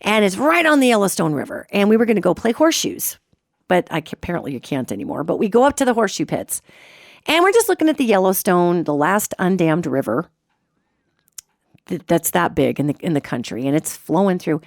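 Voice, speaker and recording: A middle-aged woman hosting a radio show, telling a personal story in an expressive way and imitating sounds as she goes. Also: fairly low pitch, a little fast, gravelly, no echo, studio quality.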